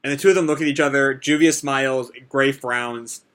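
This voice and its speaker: A man's voice: mid-range voice, steady tone, a little fast, fairly bright tone. A young man hosting a live manga reaction, reading and commenting in a casual, rambling way. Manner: casual, rambling, many fillers.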